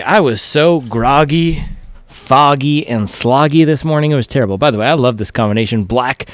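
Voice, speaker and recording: A man's voice: mid-range voice, no echo. A young man chatting casually in a vlog as a running shoe reviewer, playful and rambling with jokey slang.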